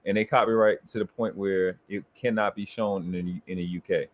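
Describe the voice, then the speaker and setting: A man's voice: deep voice, steady tone, brisk. A man in casual live-stream chat, talking boastfully and emphatically with heavy profanity. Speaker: co-host.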